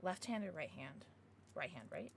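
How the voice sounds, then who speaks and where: A woman's voice: sits low, big pitch swings, moderate pace, a little hiss or hum. A young woman streaming casually from home, gushing over gifts and baby-talking to her dogs between chats with viewers. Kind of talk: casual livestream chat.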